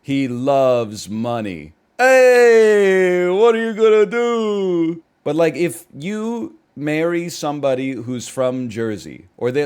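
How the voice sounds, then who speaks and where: A man's voice: mid-range voice, a little mellow. A streamer from Canada in his thirties, talking in loose, sarcastic rants with bursts of mock outrage. His voice sits in a middle range for a man. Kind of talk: casual ranting chat.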